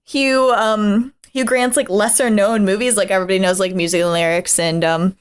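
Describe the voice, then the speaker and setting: A woman's voice: medium pitch, steady tone, moderate pace, smooth. A woman co-hosting a podcast in casual chat, rambling and chatty, laughing often. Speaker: podcast co-host.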